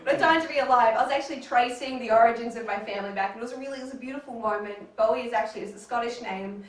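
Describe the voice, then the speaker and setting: A woman with an Australian accent performing a stand-up comedy set, dry and deadpan with sudden excited bursts. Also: on the high side, rapid-fire, far from the mic. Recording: echoey room heard from afar.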